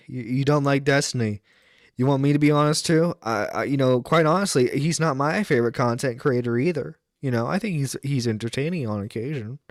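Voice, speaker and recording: A man's voice: mid-range voice, dry recording. A male internet radio host reacting on stream, fed up and blunt, with plenty of swearing. His voice sits in a middling register and is recorded dry and close, with no room sound. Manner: exasperated, swears freely, laughs between lines. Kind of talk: casual live-stream commentary.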